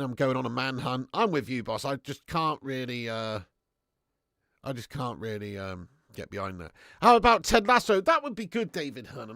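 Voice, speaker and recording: A man hosting a live football chat stream, reading out viewers' comments in a chatty way, laughing often and swinging from loud shout-outs to low mutters. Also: no room sound, clean studio sound. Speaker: football channel host on livestream.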